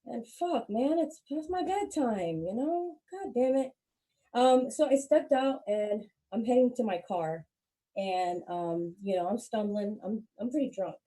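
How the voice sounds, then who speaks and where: High-pitched woman, stand-up comedian, brash and animated, constant swearing. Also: measured pace. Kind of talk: profane stand-up storytelling.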